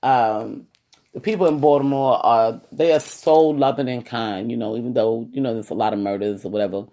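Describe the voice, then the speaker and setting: A woman's voice: a bass voice, moderate pace, dark tone. A woman with a New York accent, an activist giving a casual, rambling podcast monologue and often saying "you know".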